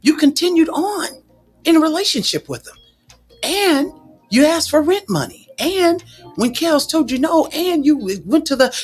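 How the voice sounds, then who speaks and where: Sassy, animated woman commenting on a livestream. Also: high voice, moderate pace, slightly rough, soft background music. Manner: animated, sassy and indignant, talks back to viewers.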